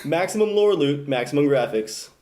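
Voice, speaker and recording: A man's voice: a little high, sing-song, normal speed, mellow. A man co-hosting a casual podcast, bragging in mock seriousness and laughing. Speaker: podcast co-host. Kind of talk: casual chat. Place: cabin room with live audience.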